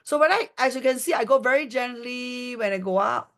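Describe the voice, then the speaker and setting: A woman's voice: a little high, a little fast, a bit bright. Woman chatty skincare demonstrator on a video call. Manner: chatty, explaining step by step, checking in with "okay?". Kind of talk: live product demonstration.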